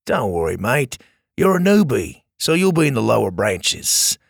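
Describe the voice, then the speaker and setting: Casting: breezy young Australian counselor, friendly and lively, narrator puts him on. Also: male voice, mid-range voice, a little slow, creaky, dry recording, clean studio sound, full character voice.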